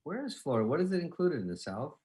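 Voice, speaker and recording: A male interviewer in a loose, joking conversation, laughing easily and slipping into little acted-out quotes. His pitch sits in the middle of the male range but swings widely, up and down, as he talks. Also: very animated, quick pace, darkish tone. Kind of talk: casual comedic chat.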